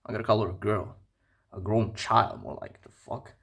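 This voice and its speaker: A young man telling a casual, profane storytime rant, animated and incredulous. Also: fairly low pitch, moderate pace, gravelly. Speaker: vlogger.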